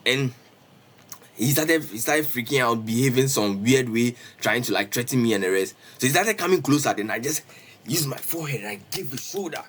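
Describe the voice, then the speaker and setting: Young man, streamer, lively casual storyteller, repeats himself, slangy. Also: mid-range voice, fairly quick, a little hiss or hum. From Ghana. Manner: animated, repetitive, peppers talk with "bro" and "Charlie".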